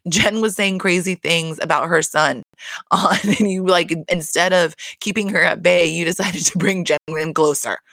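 A man's voice: sits high, fairly even intonation, moderate pace, creaky, sharp tone, no echo, clean studio sound. A man giving a casual recap of a reality show, blunt and profane, exasperated, and laughing often.

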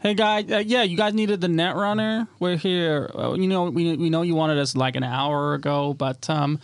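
A player voicing an overly friendly street hustler who talks fast and breezily to guards. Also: medium pitch, fairly even intonation, no echo, close to an everyday voice. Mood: breezy.

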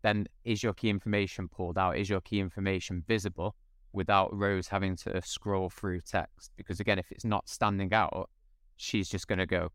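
Low, smooth-voiced man explaining. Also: moderate pace, dry recording, studio quality. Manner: explanatory, steady. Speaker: podcast guest. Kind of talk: casual podcast conversation.

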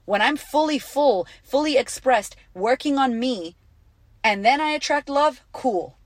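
A woman's voice: sits high, animated, unhurried, no room sound. A woman hosting a podcast as a life coach, talking in a blunt, profane, emphatic way and repeating lines for punch. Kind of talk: casual motivational podcast talk.

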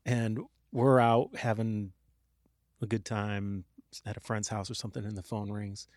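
A man's voice: fairly low pitch, little pitch movement, a little slow, darkish tone, no room sound, studio quality. A man in casual chat, laid-back, telling a story with casual swearing.

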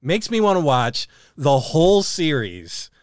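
A man's voice: fairly high pitch, sing-song, a little slow, smooth, no room sound, clean studio sound. A man hosting a podcast in casual chat, rambling enthusiastically with frequent fillers and the odd swear word. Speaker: podcast host.

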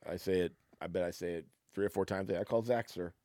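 A man's voice: deep voice, fairly even intonation, fast, dark tone, dry recording. A middle-aged man, a father hosting a podcast, chatting casually with his son and acting out quoted exchanges as he tells stories. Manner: storytelling, acts out quoted exchanges. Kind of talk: casual family conversation.

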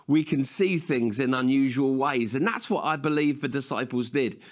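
A man's voice: mid-range voice, moderate pace. A man pastor preaching a sermon, retelling a story in a conversational, vivid way.

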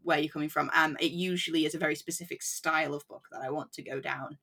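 Gravelly young woman chatting about books. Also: low-pitched, fairly even intonation, pushed and bright. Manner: chatty, quick, self-deprecating. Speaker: podcast guest. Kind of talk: casual book chat.

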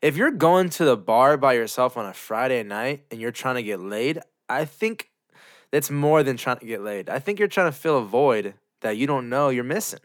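A man's voice: mid-range voice, animated, moderate pace. A man co-hosting a podcast, joking and swearing in casual banter. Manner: joking, swearing, laughs often. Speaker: podcast co-host.

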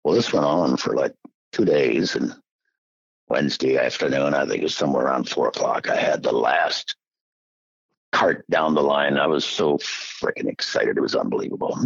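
A middle-aged man from Iowa telling his story as an interview guest in a folksy, animated way. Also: extremely low pitch, normal speed, gravelly, slightly rough, dry recording, highs cut off. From Iowa, USA. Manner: animated, folksy, acts out quoted voices. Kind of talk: casual storytelling.

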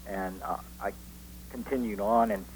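A man who witnessed an event, recalling it haltingly with many restarts as a guest on a radio interview. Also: on the low side, steady tone, a little mellow, husky, low-quality recording. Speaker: eyewitness guest.

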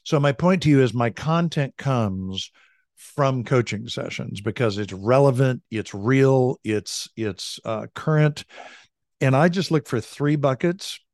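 A middle-aged male coach talks in an upbeat, conversational way, often tossing in "right?" and "like." His voice sits at an ordinary pitch and is recorded on a close studio mic in a dry home office with no room echo. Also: measured pace. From California. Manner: energetic, conversational, frequent "like" and "right?". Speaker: leadership coach. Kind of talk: podcast interview, storytelling. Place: home office with a large bookshelf. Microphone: studio desk mic.

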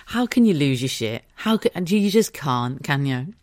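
A low-pitched British woman in her thirties hosts a casual solo podcast. She tells her story in a loose, chatty way, swears freely and laughs easily. The sound is dry, with no room echo. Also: very animated, normal speed, darkish tone. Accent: British English. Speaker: podcast host.

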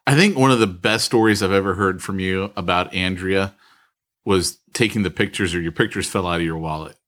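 A man's voice: low voice, brisk, a bit bright. A man co-hosting a podcast, chiming in eagerly to urge his partner to tell a story. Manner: eager interjections urging the other host on. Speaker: podcast co-host. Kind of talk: casual chat.

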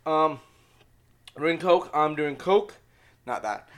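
A young man hosting a casual sports podcast, excitable and loud, swearing freely as he rambles. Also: a little high, takes it slowly. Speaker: podcast host.

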